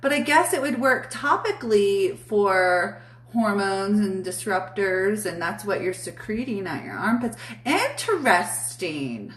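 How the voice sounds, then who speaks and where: A woman's voice: medium pitch, big pitch swings, unhurried, a bit bright, recorded from a distance. A woman hosting a casual live spiritual reading stream, chatty and blunt, swearing freely as she answers chat. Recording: echoey room, voice off mic.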